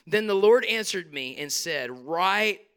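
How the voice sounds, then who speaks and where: Guy preaching in church, high bright voice, smooth and clear, chatty and animated. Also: normal speed. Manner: animated, conversational preaching, acts out prayers and quotes. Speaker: pastor. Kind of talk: sermon. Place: church sanctuary.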